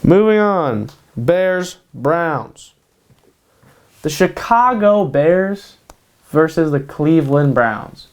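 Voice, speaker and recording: Speaking very slowly but with lively intonation, this man's high-leaning voice delivers casual, hyped sports picks on a show he hosts from his Kansas home. He repeats his predictions and keeps adding "baby" to them.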